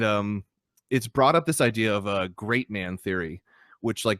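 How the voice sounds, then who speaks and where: A young man co-hosting a podcast chats casually, swearing freely and ranting energetically in an animated critique. His voice sits on the low side, and the podcast microphone gives a dry, close sound.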